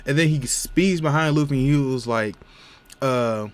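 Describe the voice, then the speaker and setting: Man, casual comic recap, rambling, lots of fillers, mid pitch. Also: normal speed. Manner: rambling, many fillers like "you know what I'm saying". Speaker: manga reviewer.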